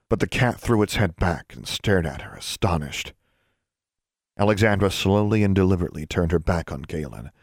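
In clean studio audio without any room sound, a man with a low-sitting voice narrates a scripted story. He's an audiobook narrator keeping a steady, even storytelling tone.

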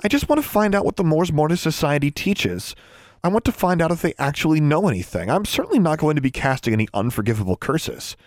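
Male narrator doing a stubborn young witch girl, pitched up, retorting. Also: big pitch swings, fast, dry recording, clean studio sound. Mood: defiant. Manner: retorting, insistent. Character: defiant curious schoolgirl witch.

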